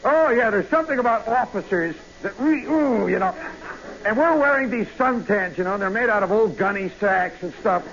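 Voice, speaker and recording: A man hosting a radio show, telling a long story in a rambling, animated way, full of asides and "you know"s. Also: sits high, fairly quick. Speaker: radio host. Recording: muffled old radio broadcast with faint hiss.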